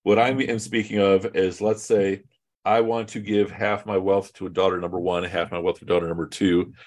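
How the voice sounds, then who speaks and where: Speaking low with little pitch movement and a darkish tone, a man teaches an online Quran class at a moderate pace. The lesson is casual and conversational; he quizzes students and leans on fillers.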